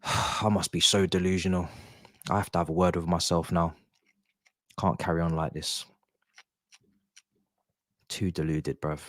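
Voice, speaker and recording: Low-voiced exasperated young man. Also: level tone, a little slow, long pauses, dry recording. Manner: exasperated, sighing, swearing, grumbling. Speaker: football watch-along streamer. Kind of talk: live match reaction.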